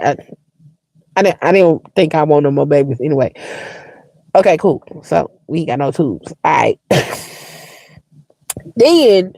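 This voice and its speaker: A woman in her forties hosting a live stream, telling personal stories to her viewers in a blunt, frank and expressive way and swearing freely. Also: on the low side, moderate pace, pauses often, no room sound. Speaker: livestream host. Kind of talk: casual storytelling to viewers.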